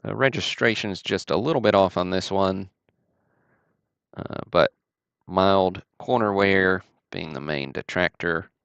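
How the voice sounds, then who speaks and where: A man's voice: low-pitched, measured pace, vocal fry, fairly bright tone, clean tone, no echo, muffled recording. A man from Alabama, casually hosting a card-break livestream with easygoing, chatty commentary.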